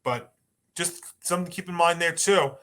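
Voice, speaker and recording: Man, sports podcast co-host, bright tense voice, slightly high, chatty. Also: fairly quick. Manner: chatty, rambling with restarts. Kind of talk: casual sports talk.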